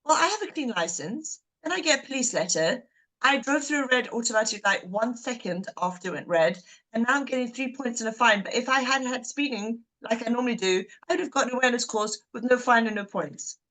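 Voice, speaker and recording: A woman's voice: a little high, animated, fairly quick, a bit bright, rough recording. A woman leading a group video call, chatting, laughing and asking the group questions. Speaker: book group leader.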